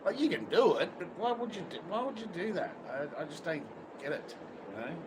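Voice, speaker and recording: A man's voice: high voice, sing-song, a little fast. An Australian man livestreaming outdoors near a beach, talking bluntly and swearing constantly in casual chat. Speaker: livestream host. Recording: outdoor street noise with traffic.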